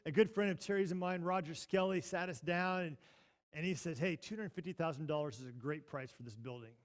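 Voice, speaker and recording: A pastor with a high-pitched voice preaches his sermon as a story. He talks in an animated way, rising to loud bursts and then dropping to quiet asides. He speaks from a church sanctuary. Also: brisk. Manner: animated, swings from loud to hushed.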